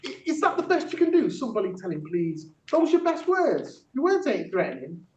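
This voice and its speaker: Man, high voice, echoey. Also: huge pitch swings, a little fast, darkish tone. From Yorkshire, England. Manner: rhythmic, punchy performance delivery. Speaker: workshop facilitator. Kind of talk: performing spoken word poetry. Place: theatre workshop room. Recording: echoey room from a distance, dull.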